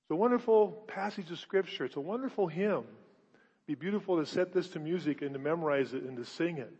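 A male pastor with a fairly high voice preaches fast, his tone slightly rough, in a church hall with a long echo, captured on a dull, muffled recording. He hammers his points with repetition and rhetorical questions, shifting between loud declarations and quiet, intimate asides.

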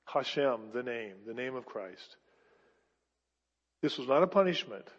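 A man preaching a sermon with emphatic bursts and rhetorical questions, his voice going hoarse. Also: medium pitch, animated, unhurried. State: losing his voice. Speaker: pastor. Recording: dull sound with long hall reverb.

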